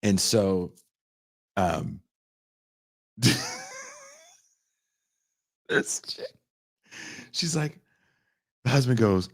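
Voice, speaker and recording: A young man talks through a movie plot with loose, swearing energy, his fairly low voice jumping all over as he mimics the characters. The sound is dry and close, with no room around it. He comes across as a casual podcast host. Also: drawn-out words, gravelly, long pauses, no echo. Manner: profane, animated storytelling with put-on character voices. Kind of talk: casual chat, recapping a movie.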